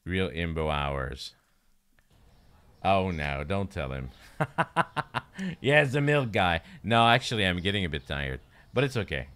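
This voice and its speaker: Deep-voiced man chatting through a game. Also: animated, normal speed, a bit bright, clear, resonant tone. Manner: chatty, self-mocking, swears casually. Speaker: streamer. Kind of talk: casual game commentary.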